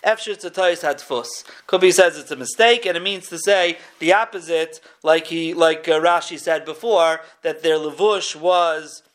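A man's voice: on the high side, moderate pace, hardly any pauses, fairly bright tone. A man teaching a weekly text class in a conversational way, correcting himself as he goes and mixing Hebrew terms into his English. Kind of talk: textual study lecture.

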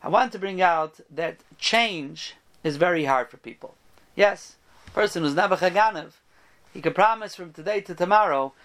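High-voiced man telling a parable. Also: normal speed. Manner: animated storyteller, voices the characters. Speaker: rabbi giving a Torah talk. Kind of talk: storytelling sermon.

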